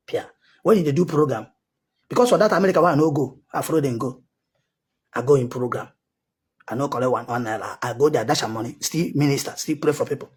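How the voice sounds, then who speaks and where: Man, Nigerian accent, husky, prophet, insistent commentary. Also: on the high side, brisk, long pauses, a little mellow. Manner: heated, insistent and repetitive. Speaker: self-styled prophet. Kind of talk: casual commentary monologue.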